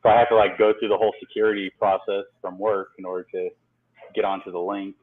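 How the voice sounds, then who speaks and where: A man's voice: lowish voice, flat delivery, fast. A male co-host calling in to a live show, rambling through a casual story. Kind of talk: casual chat over a call. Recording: tinny phone-like line.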